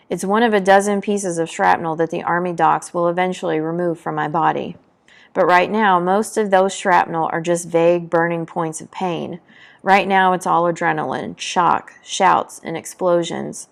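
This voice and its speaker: A woman's voice: lowish voice, vocal fry. A woman presenting a book talk, reading a novel excerpt aloud with dramatic delivery and spoken battle sound effects.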